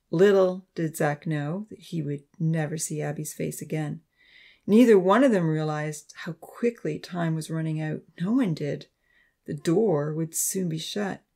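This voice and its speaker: A man narrating a Christian youth novel in a steady, clear storytelling voice. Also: a little high. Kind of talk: audiobook narration.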